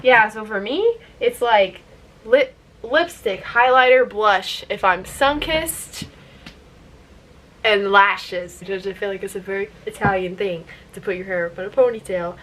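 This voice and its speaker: A woman's voice: medium pitch, unhurried, fairly bright tone. A woman chatting playfully while doing her makeup, going off on tangents and asking rhetorical questions. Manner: rhetorical "guess what" questions. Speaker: beauty vlogger.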